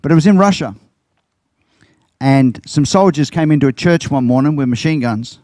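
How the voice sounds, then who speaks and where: An older man delivers a sermon, his voice sitting a little high for a man. He tells stories warmly and acts out what people said, jumping up in pitch for the quoted lines. The sound is close and dry. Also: expressive, normal speed, no echo. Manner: storytelling, acts out quotes with big pitch jumps. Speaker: pastor.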